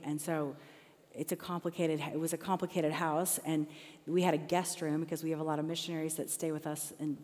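Storytelling woman with a lowish voice in a reverberant hall. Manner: conversational, animated retellings of her own arguments. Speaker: Christian speaker. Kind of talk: personal storytelling talk.

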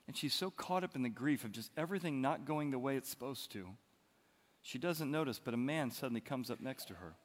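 A man preaching a sermon as pastor, telling the story dramatically with big swings in loudness. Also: medium pitch, lively intonation, a little fast, in a large hall. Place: church hall.

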